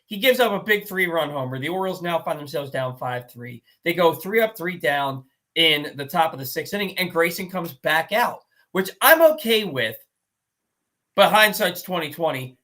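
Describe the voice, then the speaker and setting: A male sports talk host with a bright, forceful voice set a little high, recounting a game with animated, exasperated energy. He talks casually and restarts his sentences as the story runs on. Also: normal speed.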